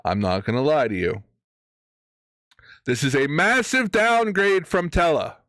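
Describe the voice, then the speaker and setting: A man's voice: fairly high pitch, expressive, measured pace, a bit bright, no room sound, clean studio sound, soft background music. A man streaming a game, reading dialogue aloud and adding wry, joking asides. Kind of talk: casual gameplay commentary.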